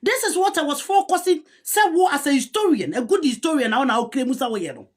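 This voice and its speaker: A woman's voice: high voice, very animated, fast talker. A woman with a Ghanaian accent giving heated commentary, rebutting a historian and switching between a local language and English. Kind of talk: argumentative commentary.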